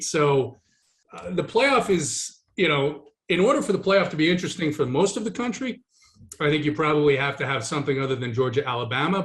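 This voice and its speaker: A man's voice: fairly high pitch, a bit bright. A man co-hosting a sports podcast, chatting casually and breaking down college football matchups. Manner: joking, then analytical. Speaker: podcast co-host.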